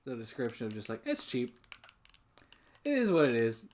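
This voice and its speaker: A man's voice: medium pitch, sing-song, fast talker. A man giving casual, rambling commentary while playing a farming game, swearing often and laughing at himself. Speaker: let's play gamer.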